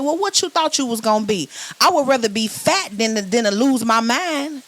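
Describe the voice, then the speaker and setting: A young woman doing a virtual stand-up comedy set, loud and sassy, often repeating words as she starts a phrase. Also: a little high, animated, normal speed, few pauses. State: sweating.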